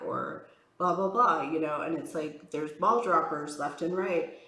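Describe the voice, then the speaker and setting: A woman's voice: low-pitched, unhurried, a bit bright. Chatty woman rambling with fillers in an echoey room. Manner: frank and exasperated. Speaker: tarot reader. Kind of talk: casual chatty vlog while doing makeup.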